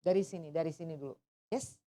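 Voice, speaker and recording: An Indonesian woman with a deep voice teaches an English test class at rapid-fire speed, code-switching between English and Indonesian. Animated and interactive, she fires questions at her students.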